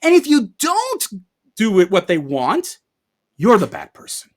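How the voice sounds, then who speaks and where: A man's voice: high-pitched, huge pitch swings, moderate pace. Guy ranting on a sports talk show, super emphatic, voice jumping up and down a lot. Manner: emphatic, ranting, rhetorical questions. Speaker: co-host. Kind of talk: opinion rant podcast.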